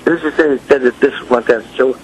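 A middle-aged man telling stories in casual chat, animated, acting out quotes in raised voices. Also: medium pitch, brisk, slight background noise, low-quality recording. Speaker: guest musician.

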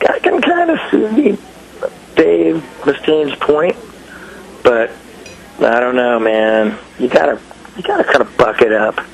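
Gravelly middle-aged man, animated storyteller. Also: mid-range voice, a little hiss or hum, poor audio. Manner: animated, acts out quotes in raised voices. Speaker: guest musician. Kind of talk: casual storytelling chat.

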